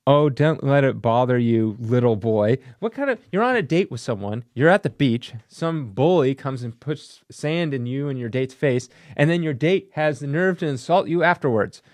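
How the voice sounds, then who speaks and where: A man's voice: a little high, animated, normal speed, few pauses, dry recording. A man giving casual, sarcastic commentary on vintage comic book ads, laughing at what he reads. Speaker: comic book collector and YouTuber.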